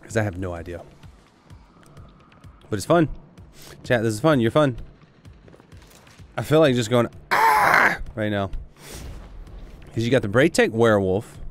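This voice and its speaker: A man giving casual, rambling, excitable commentary as he streams a video game and talks to his chat. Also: lowish voice, moderate pace, long pauses, soft background music.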